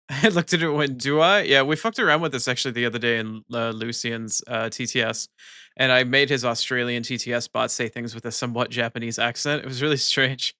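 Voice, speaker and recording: A man's voice: medium pitch, steady tone, a little fast, bright, forceful tone, dry recording, clean studio sound. A young American man chatting casually on a live stream, reading chat aloud and laughing often.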